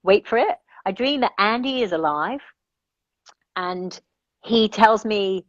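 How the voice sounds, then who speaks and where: Her voice medium in pitch, slow, and expressive, a woman life coach reflects earnestly as an interview guest, thinking out loud and making sure she's being followed. The recording is muffled and free of room sound.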